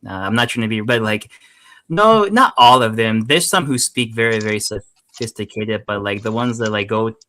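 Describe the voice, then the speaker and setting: A man's voice: fairly low pitch, moderate pace, sharp tone, no room sound. An American man from near West Virginia with a local accent, hosting a casual group voice chat and talking in a rambling, crude way with many fillers. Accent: American, West Virginia area. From United States. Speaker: host.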